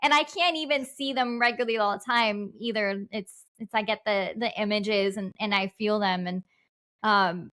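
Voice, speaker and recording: A woman's voice: mid-range voice, normal speed, pushed and bright. A woman with a mid-range voice talks casually as a podcast guest. She tells her experiences earnestly and plainly, often restarting her sentences. Her tone stays conversational and direct. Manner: earnest, matter-of-fact storytelling with restarts. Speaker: paranormal investigator guest.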